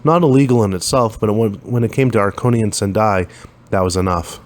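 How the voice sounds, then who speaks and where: A man's voice: lowish voice, fairly quick. A man reading a science fiction story aloud, lifting his voice a little for the dialogue. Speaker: narrator.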